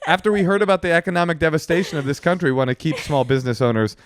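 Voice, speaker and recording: A man's voice: on the high side, very fast. A man co-hosting a comedy podcast in casual chat, joking, laughing often and mocking himself. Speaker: podcast co-host.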